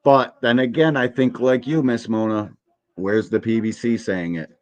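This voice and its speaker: A man's voice: mid-range voice, normal speed, muffled recording. A man hosting a live boxing stream, cursing freely and mocking what he watches as he reacts to a clip. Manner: profane, mocking, animated. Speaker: boxing podcast host.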